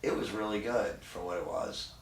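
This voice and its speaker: A man's voice: sits low, moderate pace, gravelly. A man hosting a casual radio show, rambling and restarting his lines. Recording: echoey room, mic far off, faint noise.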